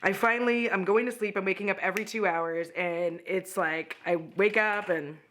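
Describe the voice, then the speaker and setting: A woman's voice: medium pitch, steady tone, moderate pace, a bit bright. A young woman from Texas chatting candidly and profanely at home while doing her makeup, rambling through a personal story. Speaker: beauty vlogger.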